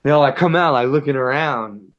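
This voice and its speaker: Man, podcast guest, casual storytelling, profane, animated, lots of "like". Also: medium pitch, brisk, muffled recording. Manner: animated, profane, heavy use of "like".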